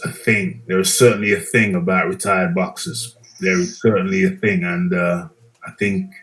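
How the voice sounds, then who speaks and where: A man's voice: fairly low pitch, poor audio. A man hosting a live boxing chat show, musing casually and reading out viewer comments. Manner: relaxed, musing, reads viewer comments aloud.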